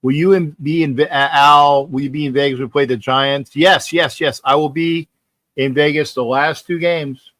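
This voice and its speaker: A man's voice: on the high side, steady tone, moderate pace, fairly bright tone, no room sound. A man hosting a live sports talk stream, chatting casually and reading viewer comments, rambling and often repeating himself. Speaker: sports talk livestream host.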